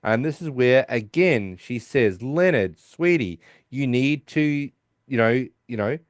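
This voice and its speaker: Slow-paced and casual, a man co-hosting a podcast recaps an episode, delivering the characters' quoted lines in higher, raised voices. The recording is dry with clean studio sound.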